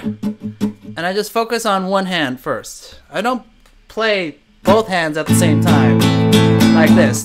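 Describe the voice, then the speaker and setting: A young man hosts a live stream, his voice swinging up and down as he makes his points with rhetorical questions. A soft guitar plays quietly under his casual chat. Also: high-pitched. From Chicago. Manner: lively, emphatic, rhetorical questions, reads chat names aloud. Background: soft guitar playing.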